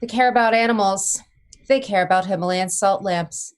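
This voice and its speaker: A woman's voice: medium pitch, moderate pace, clean tone. A woman improvising as a mock-earnest news anchor in a live comedy sketch, often slipping into laughter. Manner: mock-earnest newscaster delivery, breaking into laughs.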